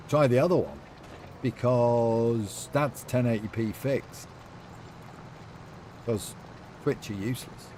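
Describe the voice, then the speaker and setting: A darkish, mid-range male voice carries this loose livestream chat over a farming game, with a little hiss or hum in the recording. He rambles, reads viewers' messages aloud, and fills gaps with plenty of fillers.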